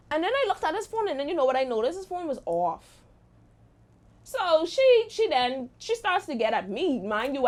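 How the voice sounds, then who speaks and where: A young adult woman hosting a show, telling a personal story in a lively, animated way. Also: high voice. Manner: lively, animated retelling with exclamations. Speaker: host. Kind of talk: storytime monologue.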